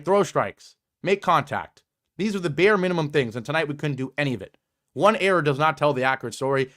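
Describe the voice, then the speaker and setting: A man's voice: a little high, fairly bright tone. A young man hosting a sports podcast, reading out viewer comments and ranting in frustration, his voice climbing when he gets worked up. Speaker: podcast host.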